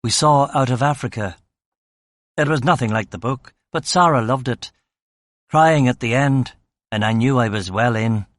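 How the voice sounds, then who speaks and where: A man's voice: mid-range voice, moderate pace, no echo. A man narrating a crime novel in the first person, with a dry, wry delivery. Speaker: audiobook narrator.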